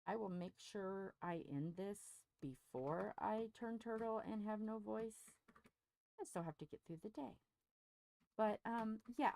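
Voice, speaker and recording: A woman hosting a crafting channel in casual chat, frank and rambling, her strained, scratchy voice dipping up and down and turning squeaky. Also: creaky, a little mellow, clear, resonant tone, no room sound. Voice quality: voice dips up and down in pitch, turns squeaky. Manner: frank, rambling, self-deprecating.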